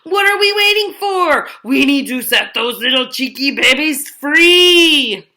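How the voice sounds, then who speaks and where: An excitable male wolf, quick to rally his gang in a storybook, as a woman reads him aloud. The voice sits high and swings all over its range. It has a bright, forceful edge. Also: heavily acted. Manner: excitable, pushy.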